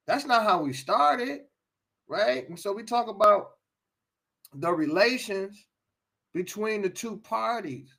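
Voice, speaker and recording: A man's voice: sits high, lively intonation, slow pace, long pauses, bright, forceful tone. An American man giving an impassioned talk, emphatic, often repeating and restarting his phrases. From United States.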